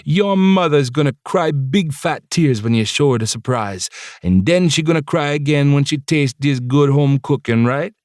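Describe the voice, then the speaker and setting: Man doing a Jamaican woman chef, lilting, bossy, high voice, dry audiobook read. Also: normal speed, a little mellow, no echo, close to an everyday voice.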